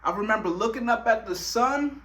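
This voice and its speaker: Brief: young man telling a story, casual slang, bright and highish voice. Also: normal speed. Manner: slangy, animated, lots of filler phrases.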